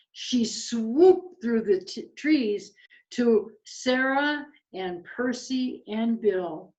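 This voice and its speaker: A woman reading a picture book aloud to children, gentle and expressive. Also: on the high side, slow. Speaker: children's storyteller. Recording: slightly muffled lo-fi recording.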